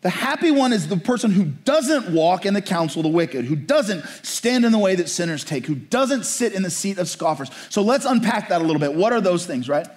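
A man's voice: sits high, very animated, brisk, hardly any pauses, darkish tone. A man preaching a sermon in a conversational way, often asking his listeners "right?". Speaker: pastor.

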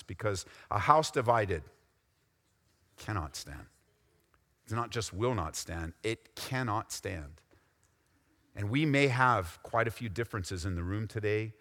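A man preaching a sermon, swinging from loud, rising exhortation to low, quiet intensity. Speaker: pastor. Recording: long hall reverb.

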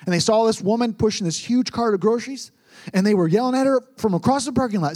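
A man's voice: high voice, quick pace, a little mellow. A young man preaching as pastor, earnest and storytelling, often repeating words for emphasis. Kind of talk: sermon.

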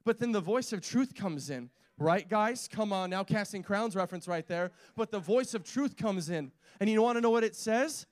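A man preaching a sermon in a church, pressing his points with repeated rhetorical questions and building to shouts. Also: high-pitched, animated, normal speed, hardly any pauses, no echo. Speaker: pastor.

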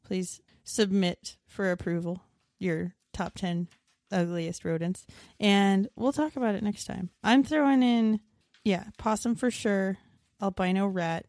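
Woman, podcast co-host, casual chatty talk, vocal fry, dry room. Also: medium pitch, a little slow, darkish tone, no room sound. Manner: chatty, laughs easily. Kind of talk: casual chat.

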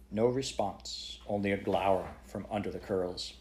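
A man reads a children's novel aloud to a child, steady and expressive. His voice sits low and relaxed. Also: moderate pace, few pauses. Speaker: reading a book aloud to a child. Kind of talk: bedtime storybook reading.

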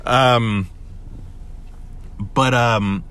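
A young man hosting a casual solo podcast, rambling excitedly with lots of swearing and restarts. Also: mid-range voice, drawn-out words. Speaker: podcast host.

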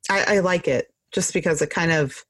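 A podcast co-host in casual chat, speaking in a measured, thoughtful way. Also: medium pitch, a bit bright, a little hiss or hum.

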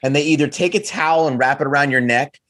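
A man talks in a rambling, excited way, often breaking into laughs. His voice sits a little high for a man. It is casual banter between friends. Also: fast. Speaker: podcast co-host. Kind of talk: casual chat.

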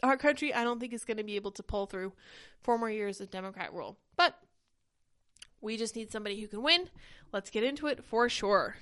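Young woman host, casual stream chat, slightly higher voice, a bit breathless, dry close sound. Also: fairly quick, clean tone, no room sound. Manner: chatty, animated, reads chat comments aloud. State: short of breath. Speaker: podcast host. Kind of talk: casual livestream commentary.

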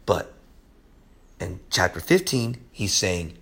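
Male preacher, higher voice, excitable and emphatic, casual slangy delivery. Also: normal speed. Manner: excitable and emphatic, swings from loud to hushed; casual slangy talk, often says "man". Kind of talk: informal Bible teaching.

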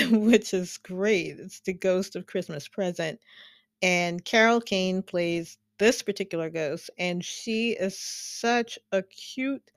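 Woman, low voice, casual film review, chatty, frequent laughs, dry close sound. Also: dry recording. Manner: chatty, laughs often, many fillers.

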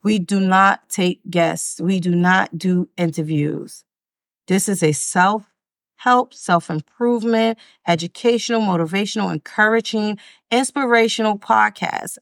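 A woman's voice: medium pitch, vocal fry, no room sound, studio quality. A woman hosting her own self-help podcast, speaking frankly and emphatically and swearing freely. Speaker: podcast host.

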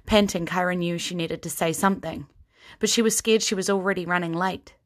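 A woman's voice: lowish voice, fairly even intonation, brisk. A woman narrating a fantasy story as game master in a tabletop game.

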